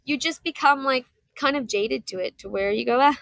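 A woman in her thirties, a podcast guest, telling a story in casual conversation and acting out what people said with lively jumps in her voice. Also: moderate pace, gravelly, dry recording. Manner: animated, acts out quotes with jumps in pitch.

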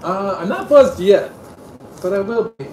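A man's voice: high voice, lively intonation, unhurried, a little mellow, slight background noise. A man hosting a casual live stream, gushing over what he tastes and chatting loosely with viewers. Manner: effusive, exclaims over tastes and smells; rambling, chatty asides to viewers. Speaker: livestream host.

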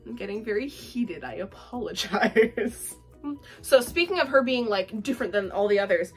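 A woman's voice: medium pitch, lively intonation, moderate pace, breathy edge, soft background music. A young woman giving a casual, profane book review, full of fillers and laughter.

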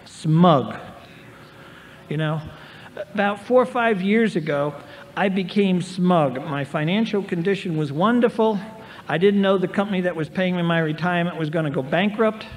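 A high-pitched man in his sixties speaks at a moderate pace as a recovery meeting speaker, telling stories full of wry self-mockery. The setting is a large convention hall, preserved on reverberant 1990s tape with faint hiss.

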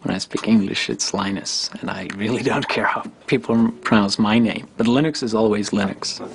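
Gravelly, low-voiced man from Finland. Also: a little fast. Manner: relaxed, hesitant with ums and restarts. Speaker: interviewee, software developer. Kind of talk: documentary interview.

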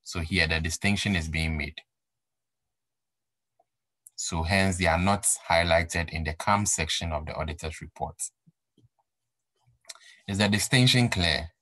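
A man's voice: sits low, a little slow, pauses often, bright, forceful tone, no echo, low-quality recording. A man giving a recorded accounting lecture, repeating key points and asking rhetorical questions to stress them. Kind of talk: recorded exam-prep lecture.

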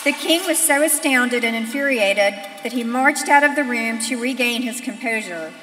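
High bright woman reading, echoey hall from afar. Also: moderate pace, heavy background noise. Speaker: Megillah reader. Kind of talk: dramatic scripture reading to a congregation. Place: large synagogue sanctuary. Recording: echoey hall, voice distant from mic.

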